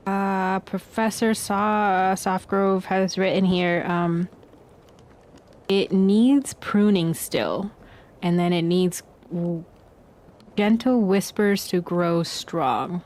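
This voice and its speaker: A woman voicing a hesitant fellow student who haltingly reads out care instructions. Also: medium pitch, fairly even intonation, a little mellow, natural voice. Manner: hesitant, reading aloud haltingly.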